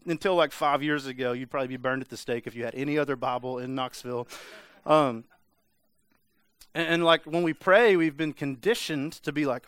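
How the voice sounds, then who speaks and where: A man preaches in a loose, chatty way, peppering his talk with "like" and joking impressions. His voice sits at an ordinary middle pitch and sounds close and dry, with no room echo. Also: fairly quick, a bit bright, clear, resonant tone. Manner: conversational, lots of filler "like", mimics voices for humor. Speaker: pastor. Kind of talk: casual sermon.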